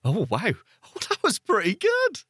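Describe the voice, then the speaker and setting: A man co-hosting a podcast, animated and playful, with quick reactions. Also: very high-pitched, husky, no echo, studio quality. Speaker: podcast co-host. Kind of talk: casual chat.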